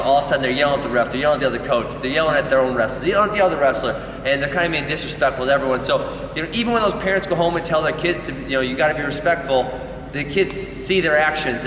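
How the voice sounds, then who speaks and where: A man's voice: medium pitch, a bit bright. A man, a wrestling coach, giving direct, explanatory advice to parents. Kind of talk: instructional talk. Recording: echoey hall, distant mic, faint noise.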